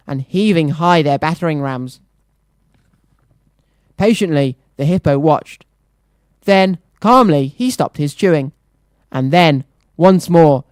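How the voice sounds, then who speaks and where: A children's radio presenter reading a picture book aloud, lively and rhythmic. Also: medium pitch, dry recording.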